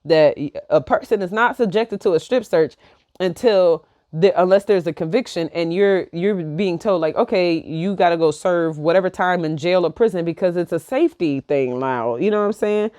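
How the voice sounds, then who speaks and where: A young woman vlogging, telling a personal story in a heated, animated way and acting out both sides of each exchange. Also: lowish voice, normal speed, dry recording, clean studio sound. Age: young adult. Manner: heated, animated retelling with quoted back-and-forth. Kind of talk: casual storytelling.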